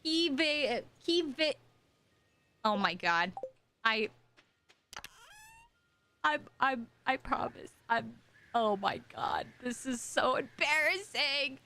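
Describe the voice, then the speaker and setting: A woman's voice: high voice, lively intonation, very slow, pauses often, bright, forceful tone, slight background noise. A young American woman streaming a game, chatting in a rambling, giggly, self-deprecating way. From United States. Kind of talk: casual chat with viewers while gaming.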